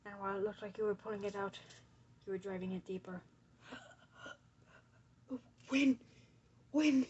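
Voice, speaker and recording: A woman's voice: mid-range voice, level tone, quick pace, a little mellow, breathy edge, muffled recording. A woman narrating a mystery reveal, theatrically accusing the culprit as she retraces the crime step by step.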